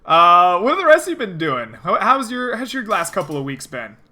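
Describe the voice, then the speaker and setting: A man from Texas hosts his gaming group's pre-session chat. His voice is very bright and fairly high, with a lively swing in pitch, and he laughs easily as he keeps the talk moving. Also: brisk. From El Paso, Texas. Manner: laughs often, leads the chat. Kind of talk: casual chat over voice call.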